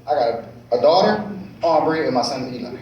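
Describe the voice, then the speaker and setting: A man's voice: a little high, brisk, dull audio, slight background noise. A man doing stand-up comedy, telling profane stories about family life and checking in with the crowd. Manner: animated, profane storytelling with crowd check-ins. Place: comedy club stage. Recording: echoey live club, distant mic, crowd audible.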